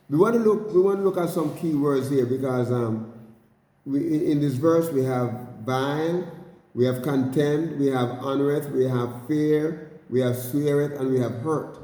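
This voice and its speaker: A man teaching a bible study, speaking haltingly with many repeated words and addressing his listeners as brothers and sisters. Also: mid-range voice, dark tone. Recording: roomy hall with long reverb.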